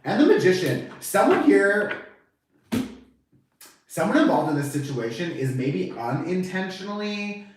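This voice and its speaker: A man giving a casual, animated tarot reading to camera, chatty and swearing now and then, acting out the reactions he quotes. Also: high voice, unhurried, pauses often, distant mic, background noise. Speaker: tarot reader. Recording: very echoey room, voice off-mic.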